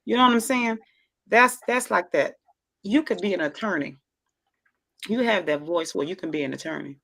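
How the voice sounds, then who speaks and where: A woman with a Southern accent hosting a casual chat, effusive and expressive, often repeating herself. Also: lowish voice, moderate pace, gravelly. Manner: loud and expressive by her own account. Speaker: talk show host.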